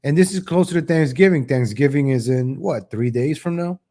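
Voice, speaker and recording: A man hosts a political commentary livestream at a normal pace, sarcastic and rambling, often starting his sentences over. "Ladies and gentlemen" comes up again and again, and he parodies politicians in a higher-pitched voice.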